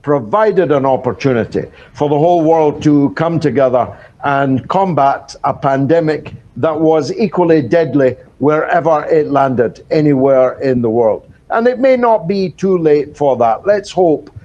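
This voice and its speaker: An older man giving a wry, rhetorical answer as a guest in a live news interview, filling his pauses with "uh". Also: a little high, animated, warm tone, dull audio. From Britain. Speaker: political commentator guest.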